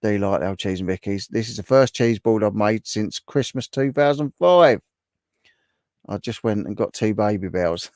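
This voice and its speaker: A man's voice: fairly low pitch, moderate pace, darkish tone, dry recording, studio quality. A middle-aged man hosting a casual livestream and chatting back to viewers' comments. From England. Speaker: livestream host. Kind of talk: casual live chat.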